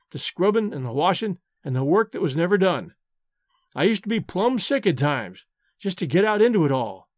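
A man's voice: high voice, no echo, studio quality. A man reading the lines of a wistful, poetic frontier-born woman with folksy backwoods speech. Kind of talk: audiobook reading.

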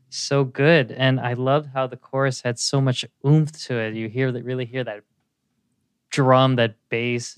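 A man co-hosting a music podcast, chatting casually and gushing about a song with many pauses and fillers. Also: medium pitch, smooth, no room sound, clean studio sound. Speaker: podcast co-host.

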